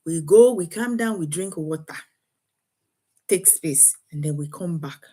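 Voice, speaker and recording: A woman from Africa talks through parenting advice in a slightly low, husky voice. She is lively and repeats words as she goes, slipping into little acted quotes of parents and kids. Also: a little slow. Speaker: parenting coach. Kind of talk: advice talk to camera.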